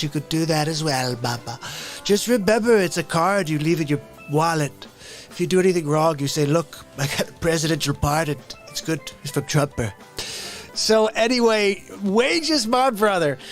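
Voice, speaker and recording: A man runs an unscripted comic rant for his live chat, high-pitched and swooping wildly up and down. He veers between shouted outbursts and hushed asides, his voice gravelly at the edges. Faint music plays behind him. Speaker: live-stream comedy host.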